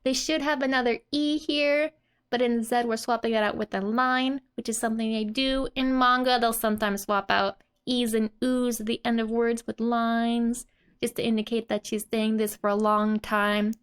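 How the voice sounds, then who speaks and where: A woman's voice: fairly high pitch, little pitch movement, moderate pace, clear, resonant tone. A young adult woman teaching a language lesson in a casual, explanatory way, giggling often between her explanations.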